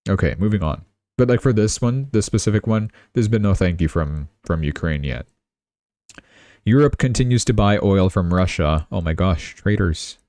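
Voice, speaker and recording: A deep-voiced young man rattling through the week's headlines in a casual, chatty livestream style. He tosses off sarcastic asides as he goes, and his voice comes across close and dry at the desk mic. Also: animated, moderate pace, a little mellow, no room sound. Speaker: crypto and news livestream host. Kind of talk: casual news commentary.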